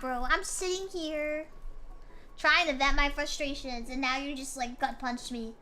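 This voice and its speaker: A woman's voice: sits high, fairly even intonation, unhurried, sharp tone. A woman streamer chatting casually with her viewers, complaining in a playful, mock-dramatic way.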